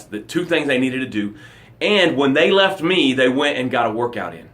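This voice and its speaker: A man hosting a live motivational broadcast as a coach, talking energetically and reading out viewer comments. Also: on the high side. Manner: energetic, animated, reads viewer comments aloud.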